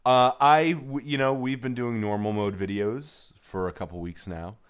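A man's voice: medium pitch, fairly even intonation, normal speed, clear, resonant tone. A young man co-hosting a casual gaming podcast, loose and profane, laughing often. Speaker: podcast co-host. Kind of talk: casual chat.

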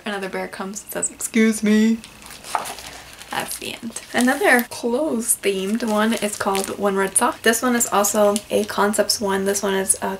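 A woman's voice: mid-range voice, vocal fry, a little hiss or hum, low-quality recording. A young woman, a librarian, casually reviewing picture books and reading bits aloud in a playful storytime voice.

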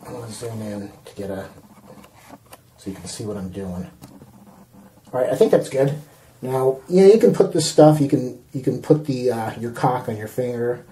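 A man's voice: mid-range voice, moderate pace, pauses often, dark tone, roomy sound, a little hiss or hum. A man casually demonstrating a home repair while filming himself, rambling and amused at his own words. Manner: rambling, self-amused, talking while working with hands. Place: indoor bathroom. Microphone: handheld camcorder mic, self-filming.

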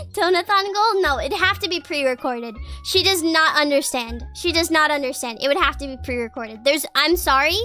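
A woman's voice: high-pitched, normal speed, bright, forceful tone, faint music behind. A woman streamer telling rambling family stories in casual chat, giggling often and restarting sentences.

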